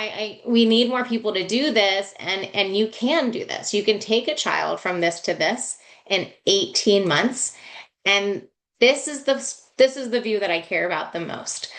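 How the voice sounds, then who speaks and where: Heartfelt woman dentist on a video call. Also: fairly high pitch. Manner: heartfelt, emotional, runs on with restarts. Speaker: dentist and guest speaker. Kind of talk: earnest webinar talk.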